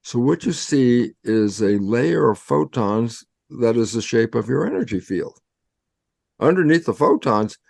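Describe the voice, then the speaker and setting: A man's voice: lively intonation, measured pace, creaky, darkish tone, no room sound, clean studio sound. A man explaining cell biology to a lay audience, acting out both sides of imagined conversations with emphatic rhetorical questions. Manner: emphatic, rhetorical questions, sudden pitch jumps. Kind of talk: animated explanatory storytelling.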